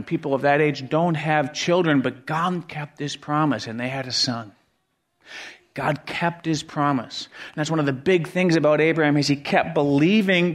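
A middle-aged man preaching a sermon earnestly, often repeating words for emphasis and dropping to quiet, low tones.

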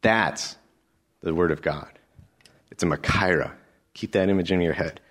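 A man's voice: sits low, normal speed, fairly bright tone. A male pastor giving a sermon, emphatic and rhetorical, with lots of repetition.

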